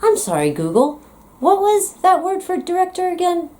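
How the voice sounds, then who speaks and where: A woman's voice: extremely high pitch, big pitch swings, moderate pace, a little mellow. An American woman talking in a comedic vlog monologue, playful, teasing and dramatic. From United States. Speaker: vlogger.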